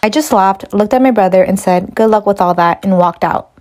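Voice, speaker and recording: A woman reads a first-person story briskly and matter-of-factly. Her voice is mellow and mid-pitched, and she keeps the pace quick. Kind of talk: reading a text story.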